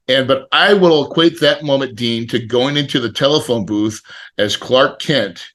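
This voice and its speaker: A middle-aged man on a podcast, telling a personal story in a casual, animated way and acting out the people he quotes. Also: medium pitch, a little slow. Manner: animated, acts out quoted dialogue. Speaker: podcast guest.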